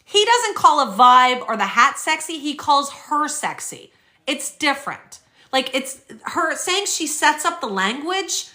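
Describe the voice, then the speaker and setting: A woman's voice: high-pitched, big pitch swings, a little slow, bright, forceful tone. A woman vlogger reading out legal filings and reacting with indignant, sarcastic commentary. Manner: indignant, fired up, sarcastic asides.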